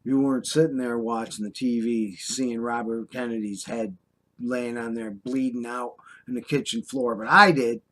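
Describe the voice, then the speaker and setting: A man's voice: mid-range voice, fairly even intonation, moderate pace, fairly bright tone. An older American man delivering an impassioned, scolding monologue to the camera, drawling sarcastic asides. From United States. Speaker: vlogger. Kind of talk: ranting monologue.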